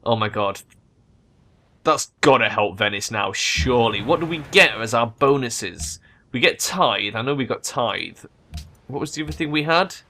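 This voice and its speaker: A young man talks through a strategy game as he plays, thinking out loud. His voice sits at an ordinary middle pitch, and he turns excitable and loose with his language, swearing freely. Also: normal speed, slight background noise. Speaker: let's play gamer. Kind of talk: gameplay commentary.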